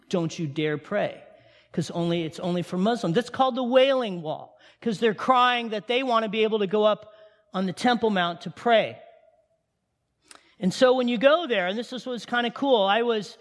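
High-voiced male pastor preaching in a hall. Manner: animated, asks the congregation questions. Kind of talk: sermon. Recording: long hall reverb.

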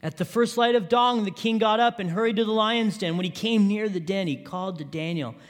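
High-voiced male pastor in a reverberant hall. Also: brisk. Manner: asks the congregation questions. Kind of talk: sermon. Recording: long reverb of a large hall.

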